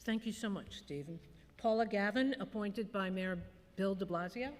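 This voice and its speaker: A woman's voice: medium pitch, normal speed. A woman chairing a public commission meeting, introducing members in a gracious, lightly humorous way. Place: public meeting in a city hall chamber. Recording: long reverb in a large chamber.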